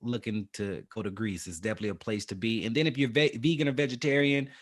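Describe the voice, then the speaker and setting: A man's voice: fairly low pitch, fairly even intonation, fast talker. A man hosting a podcast interview, talking in a laid-back, colloquial way and affirming his guest often. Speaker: podcast host. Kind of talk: casual interview chat.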